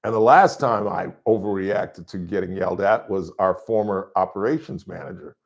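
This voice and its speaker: A middle-aged man hosting a call-in sports radio show in a studio, talking loudly and rambling through stories. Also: sits low, normal speed, vocal fry. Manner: loud, rambling, animated storytelling.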